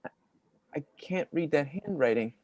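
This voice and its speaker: A man reading the part of a deadpan, pedantic male adventurer in a staged play reading. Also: on the high side, moderate pace, no echo.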